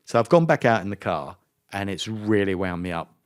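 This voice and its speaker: A middle-aged man, a former racing driver and podcast guest, telling a story in a lively, self-mocking way and acting out the dialogue. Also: fairly low pitch, fairly quick, clear, resonant tone. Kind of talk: anecdotal storytelling interview.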